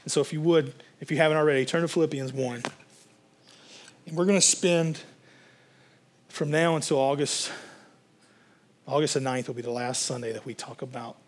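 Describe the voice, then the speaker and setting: A man's voice: on the high side, fairly even intonation, moderate pace, long pauses. A man preaching a sermon as a pastor, in a conversational, rambling way with fillers and restarts.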